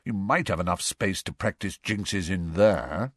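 A man voicing a brisk, frank adult wizard with a wry, impatient edge in an audiobook. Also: low-pitched, no echo, studio quality. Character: adult male wizard, wry, bold, fond godfather. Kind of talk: audiobook character voice.

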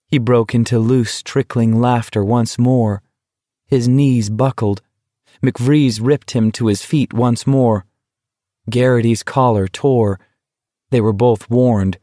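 A man reading an audiobook in steady, measured scripted narration. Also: mid-range voice, no echo, clean studio sound.

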